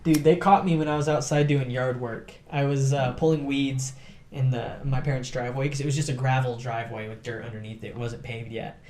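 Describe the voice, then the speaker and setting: A young man hosting a podcast, telling stories in a casual, animated way, acting out quotes and laughing often. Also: mid-range voice, brisk, slight background noise. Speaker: podcast host. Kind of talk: casual storytelling chat.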